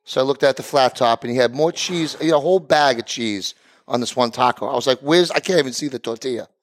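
A man's voice: medium pitch, quick pace. A middle-aged man telling a heated story on a podcast, acting out both sides of the conversation. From Italian heritage. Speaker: podcast co-host, barbecue business owner. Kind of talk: animated storytelling rant.

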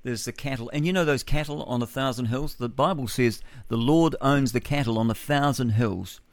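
A New man hosts a breakfast radio show on his own, wandering from thought to thought and tossing in rhetorical questions and chuckles. His voice sits at a middling pitch. The sound is close and dry, with no room around it. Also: moderate pace, no room sound. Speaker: radio host. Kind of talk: solo breakfast radio talk, reading news aloud. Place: home studio with a window.

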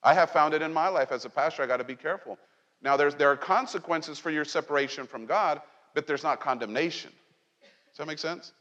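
A man pastor delivers a loose, conversational sermon in a slightly high voice, joking and asking the congregation questions. The sound is dull and muffled, and it rings with a long reverb in a big church hall. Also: a little fast. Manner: conversational, animated preaching with jokes and asides. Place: church sanctuary.

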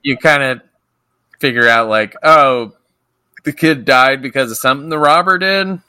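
A man co-hosting a podcast, recapping a TV episode in casual, profane chat and mimicking characters in squeaky voices. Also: normal speed, sharp tone, clean tone, no echo. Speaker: podcast co-host.

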